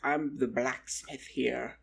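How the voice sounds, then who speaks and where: A man voicing a really big, friendly male goblin blacksmith who explains things slowly and patiently, with little stammers. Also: mid-range voice, fairly even intonation, gravelly, a bit bright, slightly rough, full character voice. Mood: patient explaining.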